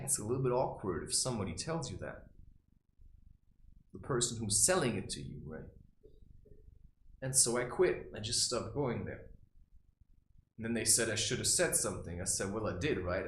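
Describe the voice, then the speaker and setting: A man's voice: medium pitch, slight background noise. A man giving a rambling spiritual monologue, blunt and profane, often tossing in "right?" and "you know". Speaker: creator sharing spiritual advice. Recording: roomy echo with faint ambience.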